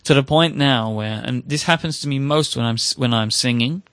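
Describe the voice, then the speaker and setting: A man's voice: medium pitch, normal speed, a bit bright, no room sound. Careful, self-conscious man, dry sound. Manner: self-conscious, careful, stumbling over words. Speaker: podcast co-host. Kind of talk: casual chat.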